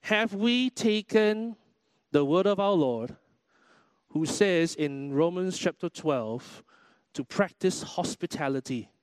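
A man preaches a sermon in a church, his voice sitting high for a man. He talks animatedly and acts out little quoted exchanges. The sound is dry and close. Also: lively intonation, takes it slowly, clean tone, no room sound. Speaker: pastor.

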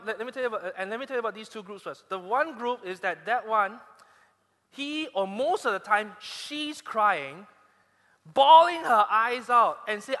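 A man's voice: sits high, expressive, moderate pace, pushed and bright. A man with a Malaysian English accent preaching a sermon, telling stories animatedly with frequent restarts. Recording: long hall reverb.

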